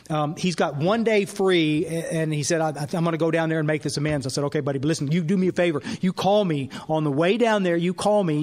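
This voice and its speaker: Animated older-sounding man telling a sponsor story. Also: fairly high pitch. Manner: animated, acts out dialogue, frequent restarts. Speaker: AA speaker and sponsor. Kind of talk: storytelling recovery talk. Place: workshop hall.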